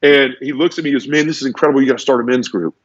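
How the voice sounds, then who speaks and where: A man's voice: mid-range voice, rapid-fire. A man telling the story of his conversion in an earnest, emotional testimony, often repeating words as he goes. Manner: earnest, repeats words, acts out quoted voices. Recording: dull lo-fi audio.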